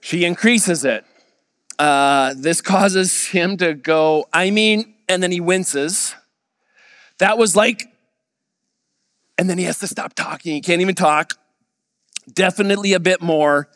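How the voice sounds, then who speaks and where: High, smooth-voiced man preaching. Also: a little slow, pauses often, dry recording, in a large hall. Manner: storytelling, quoting others in a lively voice. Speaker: pastor. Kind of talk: sermon with anecdote.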